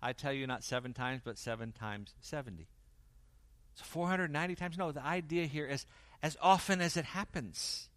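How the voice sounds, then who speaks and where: A man preaching a sermon, swinging from loud emphasis to quiet intensity and acting out the dialogue he quotes. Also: on the high side, moderate pace, dry recording. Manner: acts out quoted dialogue in varied voices. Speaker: pastor.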